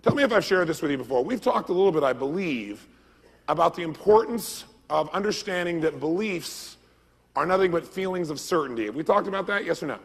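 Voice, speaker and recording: A man giving an energetic seminar lecture, quizzing a live audience with questions they answer back. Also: on the high side, brisk, vocal fry, breathy edge. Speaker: motivational speaker. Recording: long reverb of a large hall.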